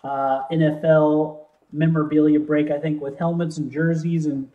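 A woman's voice: low-pitched, flat delivery, normal speed, echoey room, narrow, tinny audio. A woman co-hosting a sports card breaking stream in casual live chat, tossing out dry, teasing quips.

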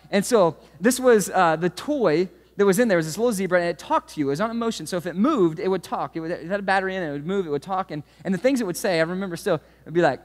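Pastor, male, 30s, animated storyteller, high voice, big reverberant room. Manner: animated storytelling, swings from hushed to shouting. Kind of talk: sermon. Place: church auditorium. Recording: long hall reverb.

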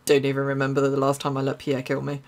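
A young woman with an Essex accent streams herself playing a game, keeping up a loose, chatty running commentary. She reacts quickly with sudden exclamations and laughs in between her remarks. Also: extremely low pitch, completely flat delivery, a little mellow. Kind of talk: live gameplay commentary.

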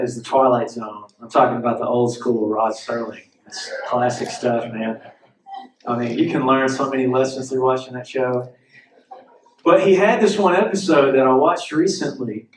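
A man's voice: a little high, echoey room, far from the mic, a little hiss or hum, rough recording. A male pastor preaching a sermon, telling stories with laughs and acting out the characters' lines. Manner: animated storytelling with laughs and acted-out quotes. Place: church sanctuary.

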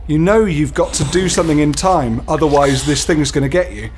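A man's voice: fairly high pitch, a little fast, a little mellow, slight background noise. A man giving horror game commentary, muttering to himself and swearing freely. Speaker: gaming YouTuber. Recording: game music playing under the voice.

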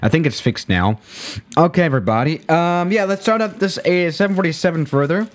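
A man's voice: on the high side, animated, a little fast. A man chatting casually on a live stream while playing a flight simulator, rambling and correcting himself as he goes. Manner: rambling, self-correcting, laid-back.

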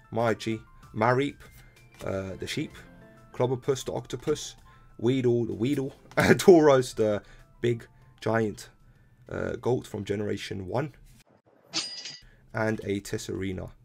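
A young man, chatting casually to viewers while opening trading cards, excitable and full of slang. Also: on the low side, creaky. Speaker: card-opening video host. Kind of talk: casual card-opening commentary. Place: room at home. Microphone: laptop camera.

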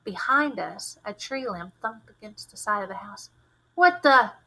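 A woman teacher reading a novel aloud with expressive, fluent narration. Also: medium pitch, moderate pace, poor audio.

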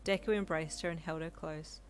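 A woman narrating her own fanfiction in a steady, gentle storytelling voice. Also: low voice, a little fast, slight background noise. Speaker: fanfiction reader. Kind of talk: scripted narration.

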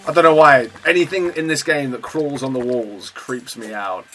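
A man's voice: mid-range voice, normal speed, soft background music. Chatty man narrating gameplay. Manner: chatty, self-mocking, with sudden excited outbursts. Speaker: gaming channel host. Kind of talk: let's play gameplay commentary.

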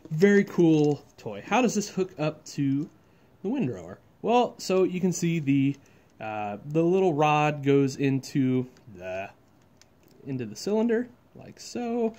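A man's voice: a little high, very animated, a little slow, darkish tone, slight background noise. A man casually reviewing a farm toy model, chatty and enthusiastic, rambling and correcting himself as he goes. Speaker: scale model reviewer, channel host.

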